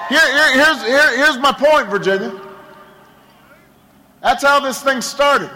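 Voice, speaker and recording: A man's voice: very high voice, takes it slowly, pauses often, sharp tone, a faint crowd, slight background noise, rough recording. A man, a political candidate, giving a campaign rally speech, telling a story with lots of repetition and a rhetorical build, with stammered restarts.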